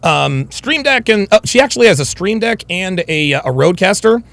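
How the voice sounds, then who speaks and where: A man's voice: high voice, animated, fairly quick, gravelly, fairly bright tone, no echo. A man hosting a livestream, reading super chats and ranting bluntly with heavy swearing. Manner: blunt, combative, swears heavily. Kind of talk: profane livestream rant.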